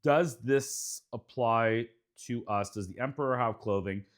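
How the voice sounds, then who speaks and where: A man's voice: mid-range voice, measured pace. A middle-aged man hosting a podcast in casual chat, playful and jokey with teasing banter. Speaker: podcast host.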